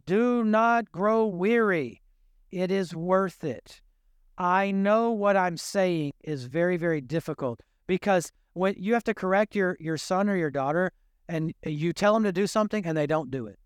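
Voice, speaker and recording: Older male preacher, high-pitched, earnest and chatty, dry recording. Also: a little slow, clean tone, no echo. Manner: earnest, conversational preaching with rhetorical questions. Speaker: pastor. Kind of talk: sermon.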